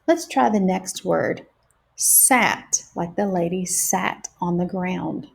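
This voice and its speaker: A woman teacher leading a phonics lesson for young children, sounding out each word slowly and clearly. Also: fairly low pitch, slight background noise. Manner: slow and deliberate, stretching out each sound.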